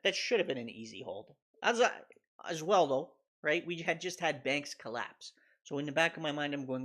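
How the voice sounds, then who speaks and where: A man in his thirties with a pushed, bright, medium-pitched voice hosts a casual stock market livestream. He rambles loosely and offhandedly, swearing and laughing along the way.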